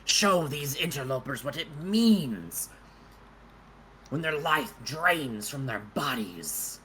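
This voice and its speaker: A man voicing a menacing female undead summoner who calls up the dead in slow, drawn-out proclamations. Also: extremely low pitch, big pitch swings, a bit bright, slight background noise, exaggerated voice.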